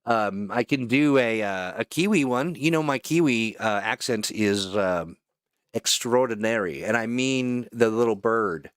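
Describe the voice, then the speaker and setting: A man's voice: mid-range voice, unhurried, clean tone, no echo. A man hosting a casual live stream between voice-over takes, joking and poking fun at himself with many fillers, into a studio microphone. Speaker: host and voice-over artist.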